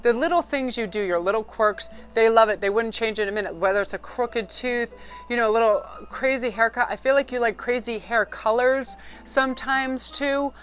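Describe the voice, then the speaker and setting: A middle-aged woman doing a casual tarot reading to camera, talking in an excitable, rambling, chatty way. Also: a little high, moderate pace, soft background music. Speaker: tarot card reader.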